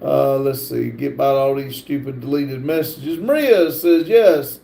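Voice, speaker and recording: A man hosting a livestream, reading viewer comments aloud in a halting, stumbling way with lots of fillers. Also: mid-range voice, gravelly, dark tone, echoey room. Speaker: livestream host reading chat. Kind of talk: casual live chat, reading comments aloud.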